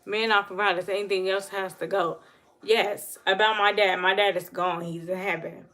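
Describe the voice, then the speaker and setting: A woman's voice: mid-range voice, fairly even intonation, moderate pace, a bit bright. A woman giving blunt, emphatic advice to her viewers on a casual livestream and answering the chat. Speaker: livestream host.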